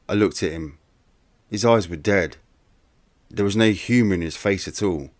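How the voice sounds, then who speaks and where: Low-voiced man narrating true crime. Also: moderate pace, long pauses. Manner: plain, conversational storytelling. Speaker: audiobook narrator. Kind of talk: first-person true-crime audiobook narration.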